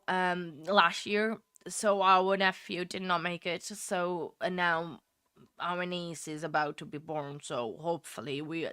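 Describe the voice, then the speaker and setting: A woman's voice: deep voice, a bit bright, dry recording, clean studio sound. A woman hosting a livestream, chatting casually with viewers, emotional and laughing often. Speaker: livestream host. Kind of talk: casual chat with live chat.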